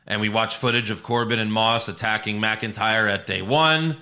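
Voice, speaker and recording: Man, casual podcast chat, sarcastic, joking, bright tone. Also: fairly low pitch, moderate pace. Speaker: podcast co-host recapping wrestling.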